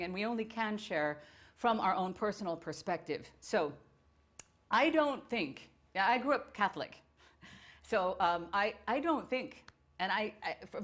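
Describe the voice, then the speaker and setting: A woman speaker on theosophy giving an informal lecture, enthusiastic and digressive, with many fillers. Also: mid-range voice.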